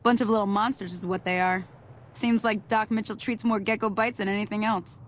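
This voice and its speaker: A woman's voice: mid-range voice, fairly even intonation, a little fast, lightly acted. An actress playing a friendly frontier woman in a video game, who talks in an easygoing, folksy, encouraging way.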